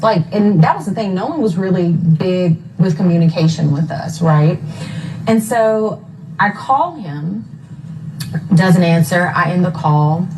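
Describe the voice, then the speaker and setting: A woman's voice: on the low side, animated, a little slow, a little mellow, slight background noise, poor audio. A mother retelling events in an interview, detailed and careful about times, with many fillers. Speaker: mother of a missing son.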